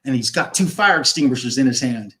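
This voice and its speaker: This live-stream guest, a man in his fifties, has an expressive, mid-range voice that's bright and forceful and a little fast. He spins a rambling rock-and-roll yarn, swearing freely and voicing the dialogue as he goes.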